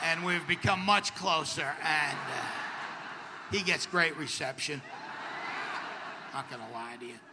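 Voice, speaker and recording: A man's voice: fairly high pitch, a little slow, long pauses, long reverb tail, very noisy. A middle-aged man doing a stand-up comedy set, wry and self-deprecating with punchy delivery. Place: outdoor comedy stage at a camp festival.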